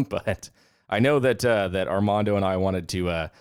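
Deep, smooth-voiced male podcast host. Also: no room sound, clean studio sound. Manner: relaxed, halting with fillers. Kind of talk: casual interview chat.

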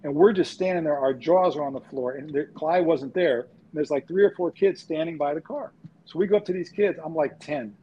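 Speaking fairly quickly in a slightly high voice, this former sportswriter from New York is an animated storyteller on a casual podcast panel, performing the voices in his tales. The audio is dull and lo-fi, with a little hiss or hum.

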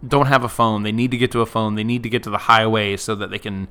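A man co-hosts a podcast, recapping a movie in easygoing conversation, leaning on "like" constantly and laughing readily. His voice is fairly low and fast, with pretty flat intonation and a pushed, bright, clear, resonant tone.

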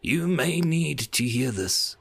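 A man voicing a gentle tree-person council leader. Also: on the high side, animated, takes it slowly, gravelly, husky, pitched above the performer's own voice, heavily acted. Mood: calm. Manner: soft, gentle, courteous. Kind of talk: audiobook character voice.

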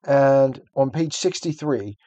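A man's voice: mid-range voice, takes it slowly, mellow, no echo. Guy cohosting a book podcast, earnest and emphatic, dry mic. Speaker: podcast co-host. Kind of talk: casual book discussion.

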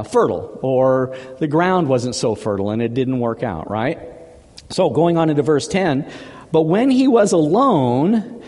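A male pastor delivers a chatty sermon, repeating words as he goes. His voice is a little high and swoops up and down with lots of animation. The sound carries a long echo from a big hall. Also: darkish tone.

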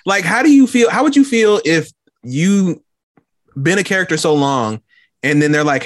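A man co-hosting a podcast, expressive and joking in casual chat. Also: high voice, normal speed, no room sound, studio quality. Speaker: podcast co-host.

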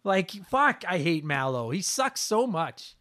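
A man's voice: sits high, big pitch swings, measured pace, sharp tone, no echo. A man co-hosting a casual gaming podcast, ranting in a profane, exaggerated way. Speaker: podcast co-host.

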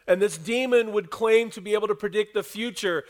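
A pastor with a high, brisk voice preaches a sermon, retelling a scripture passage to his congregation. He is animated, acting out the quotes as he goes.

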